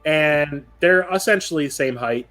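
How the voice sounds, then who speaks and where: Male game master, loose casual narration, slightly high voice. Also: moderate pace, pushed and bright, soft background music. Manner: loose, rambling descriptions.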